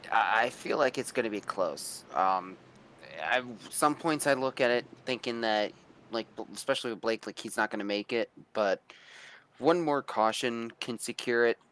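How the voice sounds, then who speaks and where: A man giving color commentary on a live sim race, chatty and quick to laugh. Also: medium pitch, fairly bright tone, slight background noise. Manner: chatty, laughs often, unhurried.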